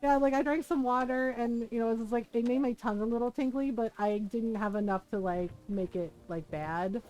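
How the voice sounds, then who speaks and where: High-voiced chatty woman game streamer. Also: a little fast, a little mellow, muffled recording. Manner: chatty anecdotal storytelling, acts out family quotes. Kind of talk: casual live-stream chat while playing.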